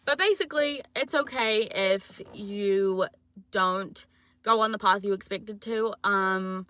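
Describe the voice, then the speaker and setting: A woman's voice: medium pitch, takes it slowly, bright, forceful tone, no echo. A twenty-year-old woman with a New Zealand accent, talking in a chatty, self-mocking, jokey way in a casual confessional vlog. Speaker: vlogger.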